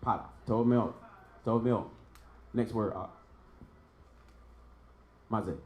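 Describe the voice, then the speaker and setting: Low-voiced man teaching in an echoey room. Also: slow pace, warm tone. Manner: patient, repeats sounds for drilling. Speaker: Hebrew teacher. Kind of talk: online language lesson.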